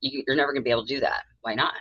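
A middle-aged mental health therapist, appearing as a guest, tells her story in a casual interview and acts out the voices of people she quotes. Her voice is very deep and steady, and she races along. The recording is dull, lo-fi, and dry, with background noise.

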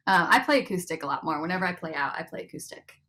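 A woman's voice: lowish voice, rapid-fire. A young woman from the United States, a singer-songwriter guest, chatting casually on a video call and laughing often. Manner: giggly, relaxed, laughs often. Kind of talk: casual interview chat.

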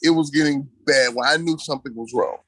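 A man with a high, bright, forceful voice recounts his personal story at a brisk pace in an interview. His conversational style is casual and colloquial, and he hammers key phrases by repeating them.

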